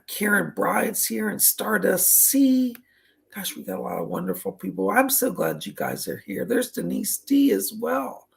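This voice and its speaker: A man hosting a psychic livestream, chatty and effusive, his voice raspy and strained from a cold. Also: sits high. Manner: chatty, effusive, greets viewers by name. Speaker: psychic medium livestream host. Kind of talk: casual livestream chat. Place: indoors at a table.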